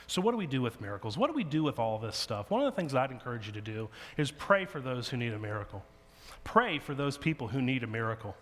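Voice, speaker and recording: A man delivers a sermon in a big hall whose long reverb trails after his words. He tells a story with lively delivery, slipping into the voices of the people in it. His voice sits at an ordinary middle pitch for a man. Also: fast. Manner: animated storyteller acting out dialogue. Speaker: pastor.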